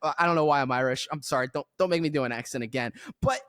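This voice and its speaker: A man's voice: fairly high pitch, very fast, fairly bright tone, no room sound, studio quality. A man hosting a podcast, ranting bluntly and emphatically in casual chat. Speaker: podcast host.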